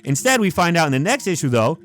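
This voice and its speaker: A man's voice: a little high, sing-song, quick pace, a bit bright. Slangy, opinionated comic reviewer man. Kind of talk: casual commentary vlog.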